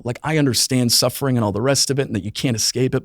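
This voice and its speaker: A man in his thirties, a youth pastor guest on a podcast, telling a painful personal story earnestly and with emotion, often softening his voice. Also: quick pace, hardly any pauses, no echo, studio quality. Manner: earnest, emotional storytelling, voice drops low and soft in painful moments. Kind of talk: personal testimony in conversation.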